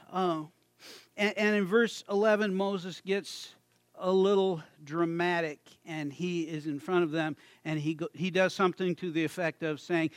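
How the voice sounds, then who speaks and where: A man giving an informal, chatty sermon, halting and restarting, acting out voices with a chuckle. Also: on the high side, dry recording. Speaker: preacher.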